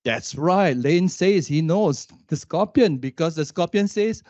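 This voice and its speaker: A man and youth worker on a conference panel, telling a story with lively questions to the audience. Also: on the high side, normal speed, hardly any pauses, dry recording, muffled recording.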